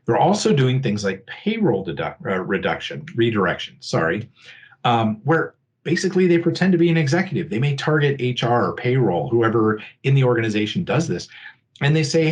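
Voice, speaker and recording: Male presenter, mid-range voice, relaxed explanatory talk-through. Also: mid-range voice, brisk. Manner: explanatory, often checks in with "okay?" and "right?"; acts out scammer and victim lines in a livelier voice. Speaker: security awareness presenter. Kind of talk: conversational presentation.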